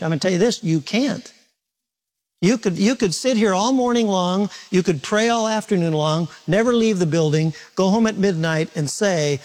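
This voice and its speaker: A man's high voice with a darkish tone carries this sermon at normal speed. The pastor speaks directly to his church congregation, asking them questions and poking fun at himself.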